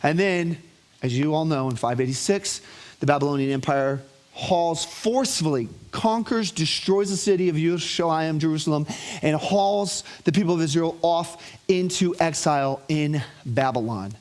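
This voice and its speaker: A man's voice: on the high side, moderate pace. A man preaching to his congregation, telling stories with animation and calling for responses from the room. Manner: animated storytelling with call-and-response. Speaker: pastor. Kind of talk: sermon.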